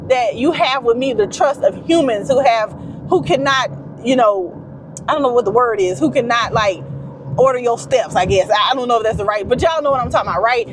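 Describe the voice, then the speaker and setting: A woman vlogging casually from a car, talking to her viewers. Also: a little high. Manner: chatty, animated, talks to viewers as y'all. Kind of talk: casual chat to camera. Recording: road noise in a car. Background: vehicle noise.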